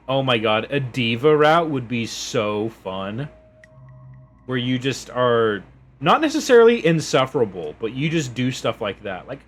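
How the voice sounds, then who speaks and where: A young male streamer chats casually to his viewers while playing a story game. He is giggly and playful, and his voice swings widely in pitch around a middle register. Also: big pitch swings, unhurried, faint music behind. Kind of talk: casual live-stream chat.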